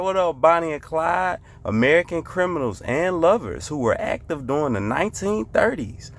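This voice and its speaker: A man's voice: mid-range voice, fairly bright tone. A man hosting a casual reaction video, talking emphatically and repeating rhetorical questions and catchphrases.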